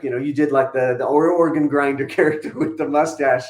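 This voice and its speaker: Laid-back guest in a roomy echo. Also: male voice, medium pitch, steady tone, fast talker, few pauses, darkish tone. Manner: laid-back, chuckling, with many fillers. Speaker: podcast guest. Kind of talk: casual chat.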